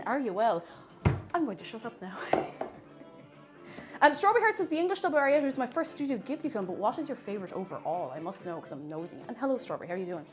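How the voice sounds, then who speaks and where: A young Irish woman bakes on a live stream, rambling animatedly, laughing often, and reading chat messages aloud. Her voice is a little high and she talks fast. Faint music plays in the background.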